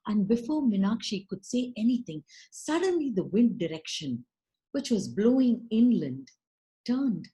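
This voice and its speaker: A woman from India with an Indian English accent telling a story in an expressive, dramatic way. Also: a little high, unhurried. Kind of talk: storytelling performance.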